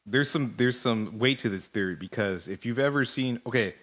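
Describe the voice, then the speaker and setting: A man's voice: mid-range voice, moderate pace, a bit bright. A man co-hosting a casual podcast chat, rambling and swearing with many restarts. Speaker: podcast co-host.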